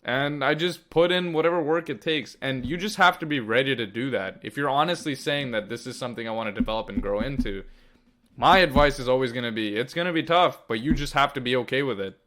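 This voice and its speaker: A man's voice: medium pitch, quick pace, fairly bright tone. Guy cohosting a podcast, earnest and emphatic, giving advice. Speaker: podcast co-host. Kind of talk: casual podcast chat.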